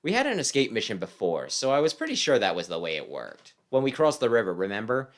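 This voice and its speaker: A man's voice: on the low side, huge pitch swings, fast, hardly any pauses. A man giving casual, chatty commentary as host of a game playthrough. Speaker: let's-play host.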